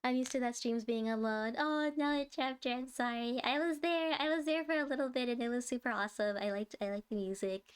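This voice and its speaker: Streamer type: chatty, giggly American woman, slightly high voice. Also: fairly even intonation, a little fast, few pauses, clean tone. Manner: chatty, giggly, reads chat aloud. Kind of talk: casual livestream chat.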